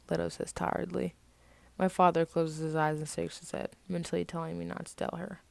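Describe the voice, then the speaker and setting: A woman's voice: fairly low pitch, flat delivery, moderate pace, gravelly, darkish tone, no room sound. A woman from the United States reads her own first-person story aloud and breaks off now and then for casual asides. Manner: casual asides between reading.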